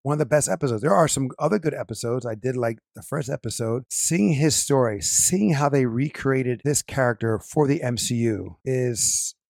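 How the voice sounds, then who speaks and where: A man leads a casual review chat with a gravelly, creaky voice. He explains at length and corrects the others with firm certainty. The sound is dry and close. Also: medium pitch, normal speed, few pauses, darkish tone, no room sound.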